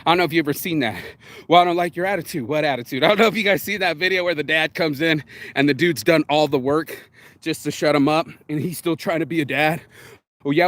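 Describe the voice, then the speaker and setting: A man's voice: a little high, fairly bright tone. Rambling, confessional man talking outdoors. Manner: candid, rambling, confessional, with frequent fillers and restarts. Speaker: vlogger. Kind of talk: casual morning livestream monologue.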